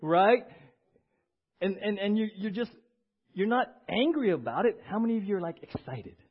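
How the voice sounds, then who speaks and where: Pastor guy preaching, lively, slightly dull lo-fi sound, high voice. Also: moderate pace, slightly rough. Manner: animated, acts out quoted voices, asks the congregation questions. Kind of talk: sermon. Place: church sanctuary.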